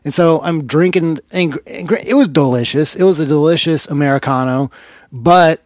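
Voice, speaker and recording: A man's voice: fairly high pitch, normal speed, no echo. Profane ranting man with a dry close sound. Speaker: podcast co-host. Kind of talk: casual comedic chat.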